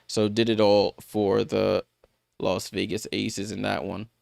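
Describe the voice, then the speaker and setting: Speaking a little slowly in a low-side, gravelly, slightly mellow voice with little pitch movement, a man hosts a live sports watchalong. He recaps scores loosely, with lots of fillers and restarts, and answers viewers by name, on clean studio audio with no echo.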